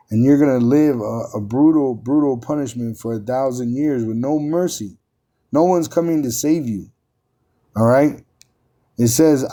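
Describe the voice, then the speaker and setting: Fiery, profane preacher man with a dark voice. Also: mid-range voice. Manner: combative, profane, repeats words and phrases. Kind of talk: fiery scripture teaching.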